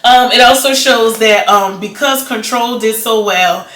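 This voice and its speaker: A woman's voice: on the high side, unhurried, a bit bright, reverberant. A woman vlogger chatting casually in a rambling way, full of "like" and restarts. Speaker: vlogger reviewing a documentary. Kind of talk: casual chat.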